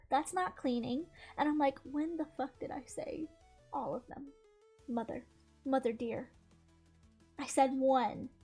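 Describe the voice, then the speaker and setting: A young woman hosting a gaming channel, telling a story in casual chat with an exasperated, animated manner and frequent laughs. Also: high-pitched.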